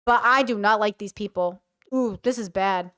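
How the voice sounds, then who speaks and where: A woman's voice: medium pitch, moderate pace, fairly bright tone, clear, resonant tone, no room sound, studio quality. A woman doing casual reaction commentary, reading text messages aloud and reacting bluntly. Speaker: commentary streamer.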